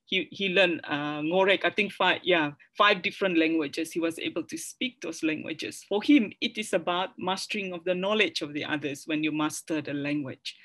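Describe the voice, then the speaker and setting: A woman's voice: fairly low pitch, moderate pace, few pauses, fairly bright tone. A middle-aged woman from Sarawak with a Malaysian English accent, giving a public lecture with slides, often restarting phrases and adding tag questions to the audience. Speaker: academic lecturer.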